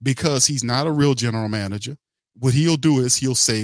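A man's voice: mid-range voice, a little fast, no room sound. A middle-aged man hosting a sports podcast, ranting bluntly and heatedly, swearing and repeating himself. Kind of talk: opinionated sports talk.

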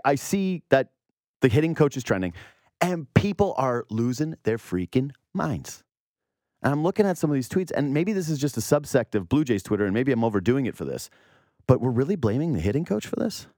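A Canadian man hosting a casual sports talk show, ranting with incredulous, animated asides. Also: mid-range voice, dry recording, studio quality. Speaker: podcast host.

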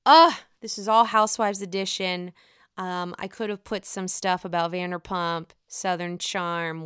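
A woman talks through her favorite reality shows in a gushing, gossipy way, cursing freely and swinging from muttered asides to excited outbursts. Her voice is bright and crisp, and it sits a little high. The sound is dry and close, with no room around it. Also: normal speed, no echo. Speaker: reality TV commentator. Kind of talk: casual chat.

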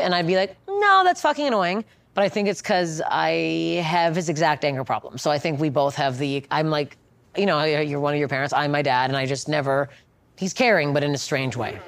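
A woman's voice: on the low side, creaky. Crude woman comic in her thirties. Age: 30s. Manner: crude, self-deprecating, acts out shouted quotes. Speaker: stand-up comedian. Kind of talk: stand-up comedy set. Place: comedy club stage. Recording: live club with faint crowd and noise. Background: audience laughter.

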